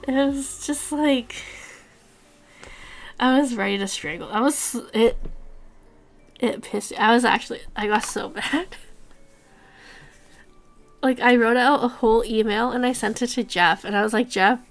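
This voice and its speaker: A woman streamer in her thirties talks casually while she edits, ranting and swearing about work. Her voice sits a little high and has a gravelly, fried edge. Faint music plays behind her. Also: a little slow, long pauses. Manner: ranting, swearing, laughing through stories. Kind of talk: casual chat while editing.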